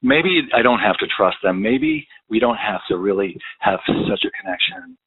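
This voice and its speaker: A man's voice: on the low side, animated, normal speed, slightly rough. A middle-aged man on a phone chatline, swearing constantly and rambling about his loneliness. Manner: crude, swears a lot, rambling and self-pitying. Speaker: caller. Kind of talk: casual chat. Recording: tinny phone line.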